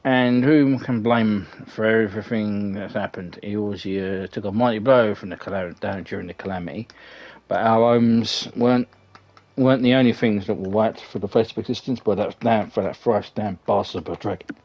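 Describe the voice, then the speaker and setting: A man doing a gruff Scottish tavern keeper. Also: fairly low pitch, fairly even intonation, normal speed, muffled recording, natural voice. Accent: put-on Scottish. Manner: rough-spoken, swearing, reading dialogue aloud with stumbles. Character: gruff middle-aged male tavern keeper with a Scottish accent. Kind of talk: game dialogue read aloud in character.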